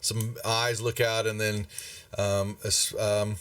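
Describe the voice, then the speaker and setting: A man narrating a tabletop game as game master, halting and full of fillers. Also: lowish voice, level tone, fairly bright tone, recorded from a distance, faint music behind.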